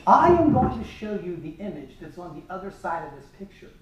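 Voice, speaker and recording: A man giving a humorous storytelling speech at a charity event, lively and animated. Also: sits high, a little fast, crowd noise. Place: event hall. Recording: echoey hall from far off.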